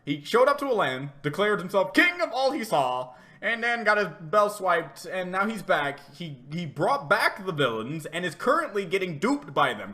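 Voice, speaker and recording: A man giving a rambling, animated reaction commentary, laughing often and repeating himself as he talks. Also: high-pitched, moderate pace, hardly any pauses. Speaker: reaction video host.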